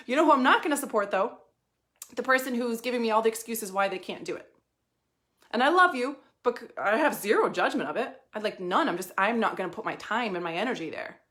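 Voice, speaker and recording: A woman in her thirties talks straight to her followers as a life and money coach. Her voice sits a little high. She is emphatic, swears freely and breaks into laughter now and then. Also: expressive, quick pace, fairly bright tone. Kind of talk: casual motivational monologue.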